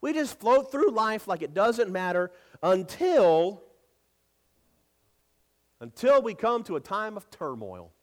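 A man's voice: high voice, big pitch swings, takes it slowly, long pauses. A man in his thirties preaching a sermon, building to emphatic repeated lines and turning chatty with stumbles when telling family stories. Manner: repeats words when speaking casually. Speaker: pastor.

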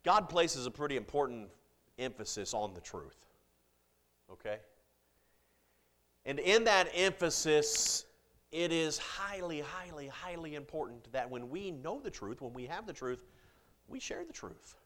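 A man preaching a sermon to a congregation, with big swings in loudness and pitch and jokes with the listeners. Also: animated, measured pace, pauses often.

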